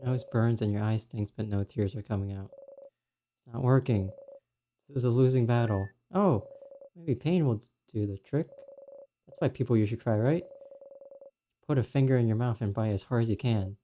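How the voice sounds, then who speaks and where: A man reads a game's narration aloud in steady second person, speaking to the listener as "you". His voice sits mid-range, soft and mellow. A faint hiss runs under the recording. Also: mid-range voice, moderate pace, long pauses. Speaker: streamer. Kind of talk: reading game narration aloud.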